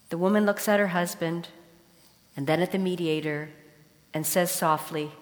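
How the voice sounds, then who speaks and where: In a church, a woman whose voice sits a little low for a woman preaches a sermon, opening with a joke before addressing the congregation directly in a warm storytelling manner. She speaks a little slowly, and a long reverb trails each phrase through the hall.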